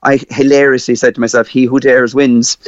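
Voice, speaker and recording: A man from Ireland with a Cork accent, a guest telling a personal story in a lively way with many fillers. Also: mid-range voice, a little fast, no echo, muffled recording. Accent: Cork Irish.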